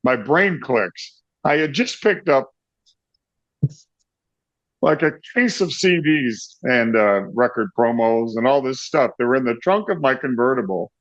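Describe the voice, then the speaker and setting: A man's voice: mid-range voice, lively intonation, unhurried, a bit bright, no room sound. A middle-aged man, a rock singer as an interview guest, animatedly telling an anecdote, often laughing and acting out the people in it. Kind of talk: anecdotal storytelling. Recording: dry, slightly dull lo-fi sound.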